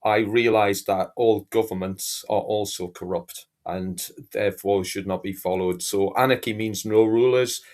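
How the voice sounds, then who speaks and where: A man's voice: lowish voice, steady tone, a little slow, few pauses, a little mellow. A man speaking as a guest in a casual chat, earnest and rambling with restarts.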